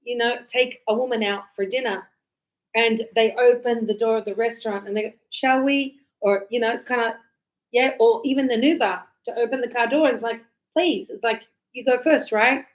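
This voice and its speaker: A middle-aged woman teaching English, explaining lively and acting out little dialogues. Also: fairly high pitch, a little fast. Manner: animated, acts out little dialogues.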